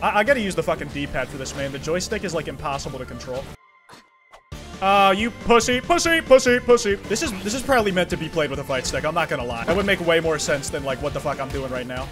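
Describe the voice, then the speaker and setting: Excitable, foul-mouthed young male gamer. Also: on the high side, rapid-fire, few pauses, music in the background. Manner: excitable, swears a lot. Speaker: gaming streamer. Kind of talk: profane gameplay commentary.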